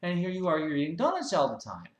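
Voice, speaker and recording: A man's voice: fairly high pitch, wildly swooping pitch, quick pace, lo-fi sound, pitched above the performer's own voice. A man doing a patient gym owner. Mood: patient explaining. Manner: reasonable, explaining with many fillers. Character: patient male gym owner explaining rules. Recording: roomy echo.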